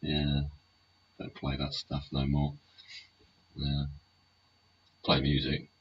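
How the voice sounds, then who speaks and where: Very deep-voiced, sweary man. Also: monotone, slow pace, slightly rough. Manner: heavy swearing, tag questions. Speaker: host of a live solo show. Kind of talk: rambling live chat. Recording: muffled lo-fi sound, faint hiss.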